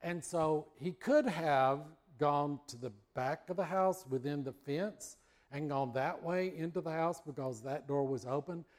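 This is an unhurried, fairly high-pitched male voice. A middle-aged American preacher recounts a story from his childhood in homespun style, performing the voices and the barks himself.

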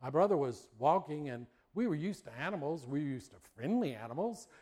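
A man's voice: fairly high pitch, very animated, fairly quick, dark tone. A middle-aged man from the United States preaching a sermon, telling a childhood story in a folksy way. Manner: folksy storytelling, acts out voices and barks.

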